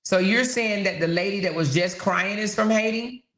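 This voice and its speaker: A woman's voice: mid-range voice, moderate pace. Chatty woman hosting a roomy livestream. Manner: chatty, reads viewer comments aloud. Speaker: livestream host. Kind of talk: casual livestream chat.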